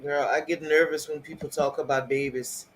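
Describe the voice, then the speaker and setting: A man's voice: fairly high pitch, little pitch movement, normal speed, a little hiss or hum, low-quality recording. A man chatting on a casual live stream, reacting to the chat and asking viewers questions.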